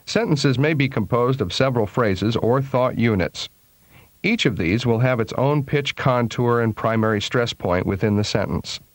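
Measured man reading lesson narration. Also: mid-range voice, no echo. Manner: measured, deliberate, clearly articulated. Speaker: pronunciation instructor. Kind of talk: scripted instructional narration. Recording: dry studio voice-over.

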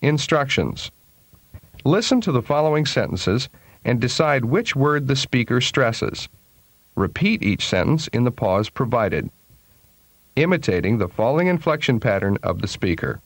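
A man reading scripted pronunciation-lesson narration in a measured, clearly articulated way. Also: medium pitch, sing-song, dry recording. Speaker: pronunciation instructor. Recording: dry studio voice-over.

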